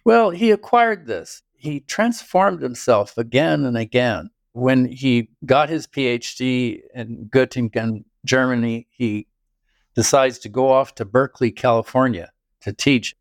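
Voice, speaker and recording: A man's voice: medium pitch, a little slow, no room sound, clean studio sound. An older man, a biographer, answering interview questions in thoughtful, storytelling detail. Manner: thoughtful storytelling with occasional chuckles. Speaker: biographer guest.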